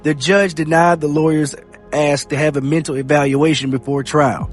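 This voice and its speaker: A man hosting a podcast, reading news reports aloud in a steady read-aloud delivery. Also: fairly high pitch, normal speed. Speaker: podcast host. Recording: faint music bed behind.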